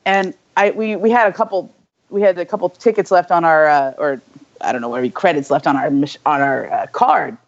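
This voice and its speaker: A young woman co-hosting a podcast, telling a story in a casual, animated way, full of "like" and quick asides. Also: low voice, muffled recording. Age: young adult. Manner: animated, filler-heavy storytelling with lots of "like". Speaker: podcast co-host.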